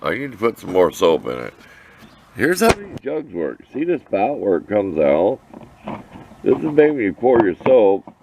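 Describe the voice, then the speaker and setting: A man's voice: on the low side, huge pitch swings, unhurried, vocal fry, dull audio, background noise. Folksy older man rambling outdoors. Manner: folksy, rambling, talks to himself and answers. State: out of breath. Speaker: vlogger. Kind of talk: casual outdoor chat to camera. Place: outdoors by his shop.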